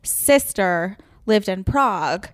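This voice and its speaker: A woman who is a regular guest on a podcast, telling stories in a rambling, animated way. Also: mid-range voice, slow pace, no room sound, studio quality. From United States. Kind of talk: casual chat.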